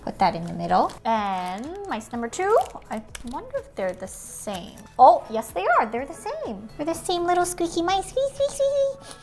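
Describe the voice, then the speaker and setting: A woman's voice: a little high, sing-song, normal speed, gravelly, few pauses, a little mellow, soft background music. A woman hosting a casual toy unboxing, bubbly and exclaiming as she talks to viewers like friends.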